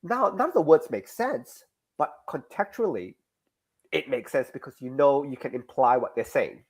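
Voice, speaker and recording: A middle-aged Australian man, a guest creator in a casual interview, explaining his writing in an animated way and acting out lines of dialogue. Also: medium pitch, normal speed, breathy edge. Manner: animated, acts out dialogue examples.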